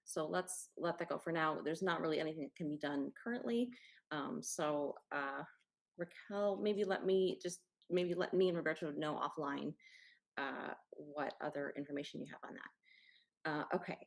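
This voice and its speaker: A woman's voice: low-pitched, fairly even intonation, normal speed, vocal fry. A woman chairing a school council meeting, speaking hesitantly with many fillers.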